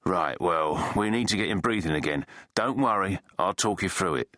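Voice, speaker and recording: A man voicing a male paramedic on the phone who speaks calmly and reassuringly. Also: deep voice, moderate pace, dry recording, clean studio sound. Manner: calm, reassuring.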